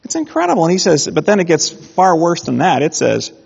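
Male preacher, gravelly husky voice, long hall reverb, muffled sound. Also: on the high side, moderate pace. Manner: animated, mock-indignant asides. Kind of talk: sermon.

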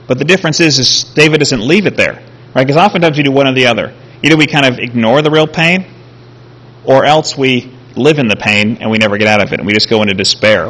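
Bright-voiced male preacher. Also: mid-range voice, a little fast. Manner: animated storytelling, acting out quotes. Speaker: pastor. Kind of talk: sermon.

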